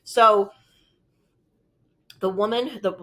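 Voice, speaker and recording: A woman vlogger chats casually, rambling through a personal story with lots of fillers, her voice sitting in a middle pitch. She sounds emotional and open. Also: steady tone, extremely slow, pushed and bright.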